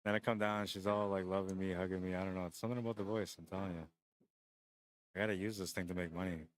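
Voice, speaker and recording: A man with a deep, just-woke-up voice, rambling and joking as he runs a pool tournament stream and calls the shots, short on sleep. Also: steady tone, fast talker, a little hiss or hum. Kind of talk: casual live-stream commentary.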